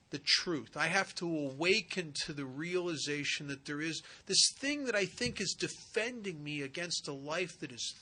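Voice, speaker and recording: Man speaker at a retreat, earnest and conversational, bright forward voice, a bit high. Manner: earnest, conversational with vivid asides. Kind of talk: personal storytelling talk. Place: retreat center talk.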